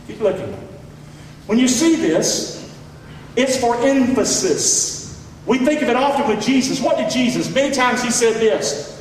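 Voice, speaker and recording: A high-voiced man preaching in a church sanctuary, heard from a distance in a big hall with a long echo. He calls out to the congregation for answers and swings between ringing shouts and low, quiet asides. A faint hiss sits under the voice. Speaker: pastor. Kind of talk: sermon. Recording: echoey hall, mic far off.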